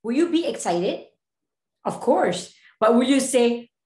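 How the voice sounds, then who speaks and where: A woman's voice: on the high side, animated, measured pace, echoey room. A woman teacher with a Malaysian English accent, teaching an online English class in a chatty way. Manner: chatty, mixes English and Malay, laughs often.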